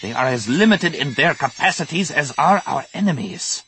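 A man's voice: fairly high pitch, expressive, moderate pace, bright, forceful tone, slight background noise, voice pushed up. A man voicing a haughty, scornful male alien agent in an audiobook. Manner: haughty, bristling.

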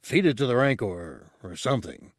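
A man's voice: medium pitch, sing-song, moderate pace, no room sound, studio quality. A man voicing a bossy male guard captain who barks orders in a storybook reading. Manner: barking orders.

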